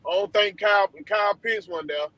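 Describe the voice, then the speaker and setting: A man's voice: high-pitched, fairly quick, sharp tone, dry recording, low-quality recording. A man joining a stream as a guest, talking in a laid-back, repetitive way. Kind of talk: casual chat.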